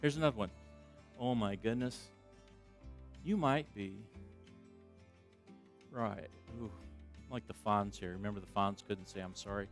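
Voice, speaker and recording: A middle-aged man giving a sermon as a pastor, talking in a conversational, self-deprecating way that swings between loud emphasis and quiet asides. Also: lowish voice, a little slow, pauses often, soft background music. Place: church sanctuary.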